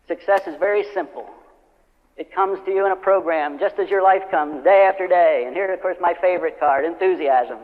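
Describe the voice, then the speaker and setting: On an old lo-fi recording from a reverberant hall, a motivational speaker tells stories to a large live audience and performs the parts of quoted customers and friends. He talks fairly quickly in a high-pitched, steady voice.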